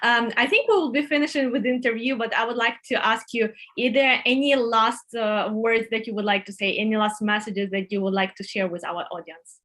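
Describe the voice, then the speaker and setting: A woman's voice: on the high side, steady tone, fairly bright tone, poor audio. A woman interviewer asking polite, appreciative questions with many hesitations. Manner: polite, appreciative, halting with fillers.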